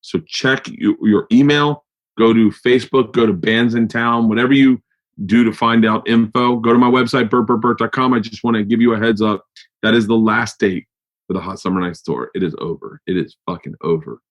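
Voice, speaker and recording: A man's voice: medium pitch, steady tone, moderate pace, lo-fi sound. A man hosting his podcast, talking loosely and profanely with self-mocking asides, a bit tipsy from wine. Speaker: podcast host. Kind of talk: casual rambling podcast intro and ad read.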